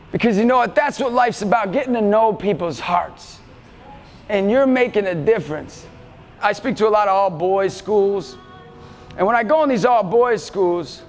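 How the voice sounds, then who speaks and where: Fired-up high-voiced man speaking in a hall. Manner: energetic, shouts to rally the audience. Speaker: motivational speaker at schools. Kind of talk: fired-up motivational talk to students. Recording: reverberant hall, faint music behind.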